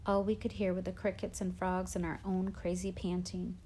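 A woman narrating a children's novel in a plain, steady storytelling manner. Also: on the low side, normal speed. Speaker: audiobook narrator. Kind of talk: scripted narration.

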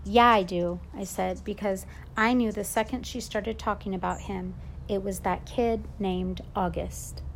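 A woman's voice: mid-range voice, steady tone, measured pace, vocal fry, slight background noise. Confiding woman reading a storybook. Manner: confiding, reflective boy's point of view. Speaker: audiobook narrator. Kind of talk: first-person storybook narration.

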